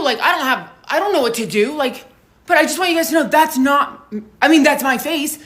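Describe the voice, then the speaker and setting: Hungover young woman ranting, cussing a lot, higher voice, storytime vibe. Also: brisk. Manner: heavy swearing, animated storytelling. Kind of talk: casual storytime vlog.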